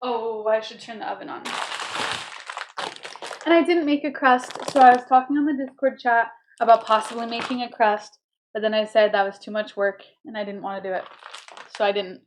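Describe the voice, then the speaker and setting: A young woman streaming a game at home, chatting casually and excitably with her viewers, breaking into squeals of joy. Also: on the high side, normal speed, a little hiss or hum. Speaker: gaming streamer. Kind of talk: casual live-stream chat. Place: home, moving to kitchen.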